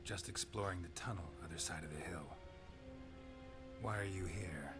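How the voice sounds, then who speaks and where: An actor playing a terse, gruff male monster hunter in a video game, speaking in short, curt lines. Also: low-pitched, moderate pace, lightly acted. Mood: wary. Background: loud game music.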